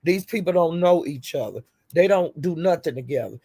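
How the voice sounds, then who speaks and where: Gravelly lady on her livestream, cussing and cackling thru a story. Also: sits low, animated, moderate pace, dark tone. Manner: profane, laughing storyteller. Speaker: livestream host. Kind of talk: casual livestream rant.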